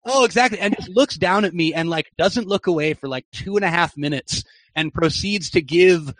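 A young man, a soccer journalist and broadcaster, telling an animated story as a guest on a podcast interview. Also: high voice, moderate pace, no room sound. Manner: animated, excited anecdote-telling.

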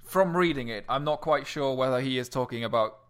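A man's voice: mid-range voice, a little fast, a bit bright, clear, resonant tone. A man co-hosting a casual chat about poetry, often hesitating and repeating words.

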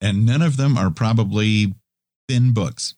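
A man co-hosting a podcast in casual chat, with a relaxed, wry way of talking. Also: on the low side, unhurried, no room sound, clean studio sound. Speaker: podcast co-host.

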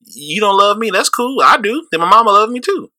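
A man's voice: high voice, lively intonation, a little fast, sharp tone, no echo. A man with a St. Louis accent co-hosting a podcast in casual chat, rambling loosely, laughing often and swearing freely. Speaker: podcast co-host.

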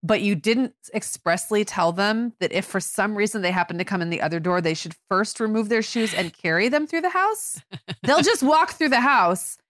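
A middle-aged mother from Michigan, USA co-hosts a parenting podcast, chatting casually and peppering her speech with "like." Her voice is mid-range and a bit bright, with lively intonation, a moderate pace, and no room sound.

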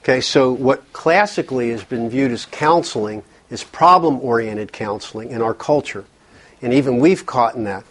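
Husky-voiced man leading a workshop. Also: medium pitch, normal speed. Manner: earnest, repeats words while thinking. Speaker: workshop speaker. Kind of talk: conversational workshop talk.

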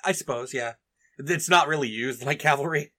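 A man chats casually as a podcast co-host, his voice bright and forward. He talks with eager enthusiasm and now and then reads book passages aloud with relish. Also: mid-range voice, brisk. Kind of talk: casual chat and book reading.

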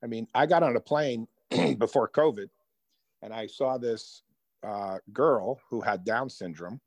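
A man telling personal stories as a guest in an interview, lively and conversational. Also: mid-range voice, measured pace, no echo. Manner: animated storyteller, acts out quoted voices. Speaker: author and guest. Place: Hoboken.

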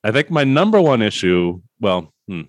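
Sarcastic, lively low-voiced man. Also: moderate pace, no room sound. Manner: sarcastic, profane, laughs often. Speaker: podcast co-host. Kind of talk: casual comedic movie recap.

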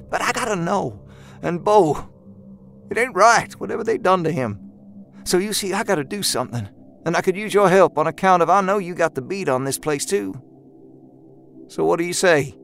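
An actor playing a jittery, eager young male miner who talks in a folksy backwoods dialect with hushed urgency. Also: sits high, vocal fry, a little hiss or hum, heavily acted. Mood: earnest. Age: young adult. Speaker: character in an audio drama. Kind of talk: audio drama acting.

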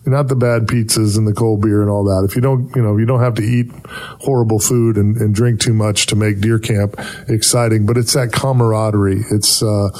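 A man chatting casually and reminiscing in a relaxed, rambling way, laughing easily. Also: on the low side, normal speed. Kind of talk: casual chat.

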